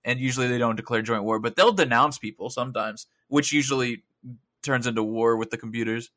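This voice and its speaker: A man co-hosting a casual gaming podcast, excitable, laughing and swearing casually as he talks. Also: mid-range voice, fairly quick. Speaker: podcast co-host.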